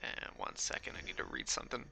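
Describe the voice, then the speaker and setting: A man's voice: fast, pushed and bright. A man narrating as game master in a casual, hesitant way.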